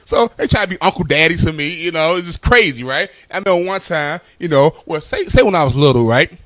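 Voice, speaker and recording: A male comedian doing stand-up storytelling, animated and tossing in constant asides. His voice sits a little high, and the sound is dry and close with no room echo. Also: fast talker.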